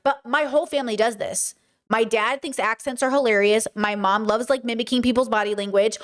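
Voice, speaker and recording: Young woman host for a casual stream; chatty and animated, sits a little high, lapses into imitated voices. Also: brisk. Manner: animated, chatty, often mimics voices mid-story. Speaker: livestream host. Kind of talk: casual livestream chat.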